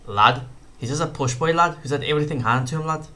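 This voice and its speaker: A man's voice: a little high, quick pace, bright, forceful tone, pitched above the performer's own voice. A man doing a clumsy comic impression of another man, ending every phrase with "lad". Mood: mocking. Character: mocking impression of a man who keeps saying "lad".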